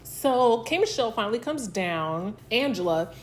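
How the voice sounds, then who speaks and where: A woman's voice: a little high, expressive, moderate pace, slight background noise. A woman casually recapping a reality TV episode, chatty and full of fillers, acting out what the cast said. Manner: chatty, filler-heavy retelling that acts out quotes.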